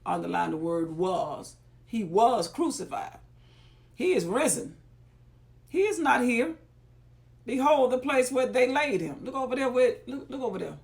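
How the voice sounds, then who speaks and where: A woman's voice: on the high side, big pitch swings, moderate pace, creaky. A woman reading Bible verses aloud and stopping to explain them in folksy, conversational asides. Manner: paraphrases scripture in everyday talk. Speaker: Bible reader and teacher. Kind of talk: scripture reading with casual commentary.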